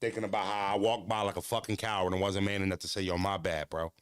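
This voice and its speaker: A man hosting a casual podcast, ranting bluntly with profanity, jumping into animated voices and stuttering restarts. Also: lowish voice, racing, clean tone, no echo. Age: adult. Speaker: podcast host.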